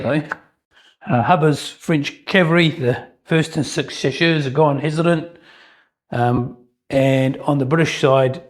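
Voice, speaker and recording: A man narrates a battle report from a solo tabletop wargame as casual, chatty commentary, full of joking asides and frequent ums. His medium-pitched voice has a breathy edge, and the recording is rough.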